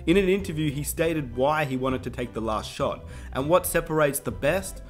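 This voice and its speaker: A man's voice: a little high, normal speed, faint music behind. A man, the channel host, reading scripted commentary in an earnest tone. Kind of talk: scripted narration.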